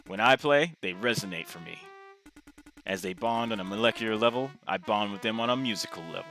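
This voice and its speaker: A man's voice: lowish voice, a little fast, sharp tone, soft background music. A man voicing a pompous male skeleton trombone player who speaks in grand, solemn phrases. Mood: grandiose.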